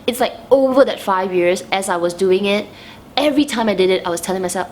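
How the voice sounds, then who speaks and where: A woman's voice: mid-range voice, quick pace, a little mellow, a little hiss or hum. A young adult woman talking candidly to camera in a vlog, with many restarts as she quotes her own inner voices. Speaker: vlogger answering viewer questions. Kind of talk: candid personal talk to camera.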